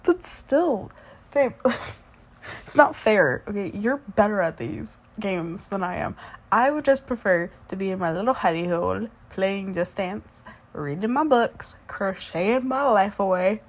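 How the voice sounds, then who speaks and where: A woman's voice: mid-range voice, lively intonation, unhurried. A woman in her twenties doing a whispered role-play as the listener's sleepy, chatty fiancée, rambling between yawns.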